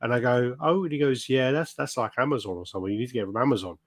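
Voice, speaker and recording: A man hosting a casual podcast, telling a story in an animated way and acting out the people in it, with a lot of swearing. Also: mid-range voice, very fast, dry recording, studio quality. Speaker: podcast host. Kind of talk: casual chat.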